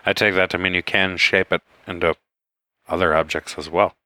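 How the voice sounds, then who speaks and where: A man's voice: low voice, fairly even intonation, moderate pace, bright, forceful tone, no room sound. A laid-back man playing a tabletop game who declares his character's actions. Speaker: player. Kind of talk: casual tabletop play.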